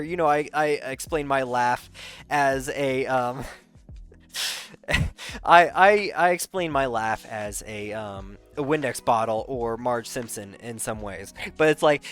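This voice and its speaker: A man's voice: on the high side, fairly bright tone, clean tone, dry recording. A man telling a rambling, casual recap, full of fillers, restarts and laughter. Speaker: content creator. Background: faint background music.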